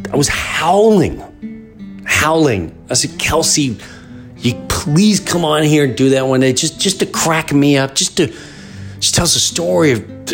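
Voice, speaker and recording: A middle-aged man hosting his podcast, telling family stories in a rambling, animated comedic monologue. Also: mid-range voice. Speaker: podcast host.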